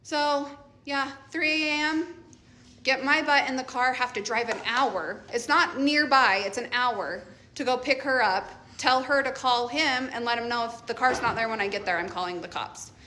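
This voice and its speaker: A woman's voice: sits high, normal speed, pushed and bright, slight background noise. Blunt mother telling a storytime. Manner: laughs often, offhand and blunt. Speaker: mother telling a story about her teenage daughter. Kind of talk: casual storytime chat.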